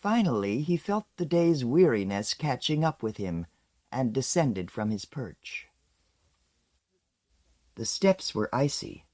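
A man narrating an audiobook in a measured, expressive storytelling manner, letting his lines fall away at the ends. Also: medium pitch.

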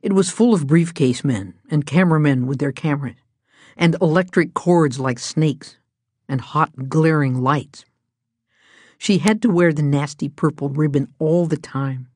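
Woman narrating a children's storybook, low voice, gentle and even, dry close recording. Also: unhurried, no room sound. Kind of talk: storybook reading aloud.

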